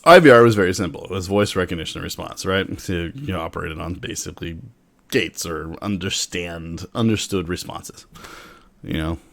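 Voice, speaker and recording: A man with a deep, low voice talks through a technology topic in a relaxed, conversational way. He trails off, restarts his sentences and drops in wry asides as he goes. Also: moderate pace, creaky. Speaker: tech speaker. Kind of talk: casual explanatory talk.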